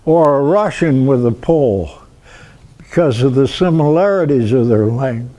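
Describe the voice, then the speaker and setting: A man's voice: mid-range voice, expressive, moderate pace, dark tone. An older man with a Midwestern American accent giving a folksy public history lecture, telling stories and acting out examples. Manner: folksy storytelling with demonstrations. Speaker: guest lecturer.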